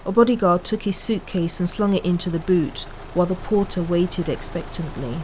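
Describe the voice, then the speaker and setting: A woman narrating a short story in an even, measured manner. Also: lowish voice, slight background noise. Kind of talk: reading a short story aloud.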